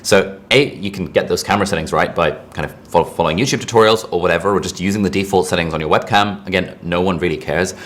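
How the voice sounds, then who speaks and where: Male instructor, low voice, quick and rambling, casual lesson delivery. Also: a bit bright. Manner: chatty, rambling asides, frequent "like". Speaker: online course instructor.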